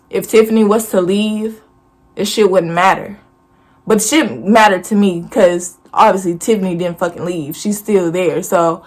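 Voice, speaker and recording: Blunt, profane woman ranting a story. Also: medium pitch. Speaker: vlogger. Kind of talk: casual storytime rant.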